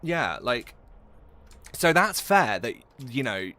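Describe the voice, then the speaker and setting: A man's voice: mid-range voice, sing-song, takes it slowly, pushed and bright. A young British man from England, live-streaming a game and chatting jokily with his viewers. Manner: chatty, jokey, reads and answers chat. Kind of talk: casual live-stream chat while gaming.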